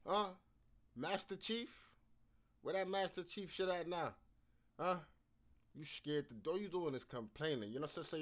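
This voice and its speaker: A man's voice: on the high side, a little slow, pauses often, fairly bright tone. A man commenting over a played phone call, scolding and mocking in casual street talk.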